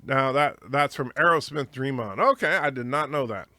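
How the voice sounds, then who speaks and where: Bright-voiced, opinionated male streamer. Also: medium pitch, moderate pace, no room sound, studio quality. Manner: opinionated, chatty, with fillers and restarts. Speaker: livestream host reading chat. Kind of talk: casual commentary.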